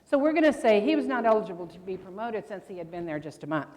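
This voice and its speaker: An older woman presents grammar at a convention workshop in a large hall, chatty and quizzing her audience with questions. Her medium-pitched, darkish voice swings widely in pitch at a quick pace, and long hall reverb surrounds the recording.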